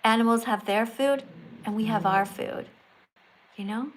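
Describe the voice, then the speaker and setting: Bossy high-voiced woman lecturing. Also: a little slow, low-quality recording. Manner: bossy, corrects and lectures like a teacher. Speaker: livestream host. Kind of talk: livestream chat.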